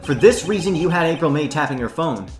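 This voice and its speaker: An earnest young defense lawyer, voiced by a man during a game playthrough, direct and pressing, with a lively, rising and falling delivery. The voice has a roomy echo, with game music playing underneath. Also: fairly high pitch, a little fast, close to an everyday voice. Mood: accusing. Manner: earnest, accusing. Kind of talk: fan voicing of a game playthrough.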